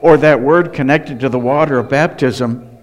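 A man's voice: mid-range voice, normal speed. A man preaching a sermon, earnest and emphatic, often asking the congregation direct questions. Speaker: pastor.

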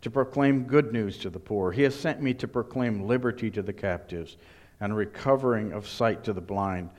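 A man preaching a sermon, emphatic and deliberate, now and then voicing what the crowd thinks. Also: on the low side, a little mellow. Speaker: pastor.

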